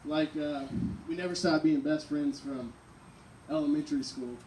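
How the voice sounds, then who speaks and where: Hesitant young man, mellow and echoey. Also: on the high side, fairly even intonation, normal speed. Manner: hesitant, with many "uh"s. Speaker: best friend giving a eulogy. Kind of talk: memorial speech. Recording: echoey, distant mic, faint noise.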